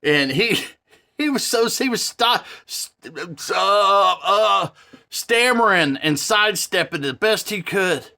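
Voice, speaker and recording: Man ranting through a grievance story, profane and heated, bright edge. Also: sits high, lively intonation, takes it slowly, creaky. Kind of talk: angry storytelling rant.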